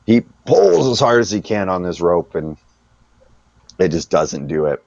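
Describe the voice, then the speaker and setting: Man, game master, low voice, slow and halting, dull muffled sound. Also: sing-song, vocal fry, darkish tone, no echo. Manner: halting, searches for words, laughs easily. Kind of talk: narrating a tabletop game.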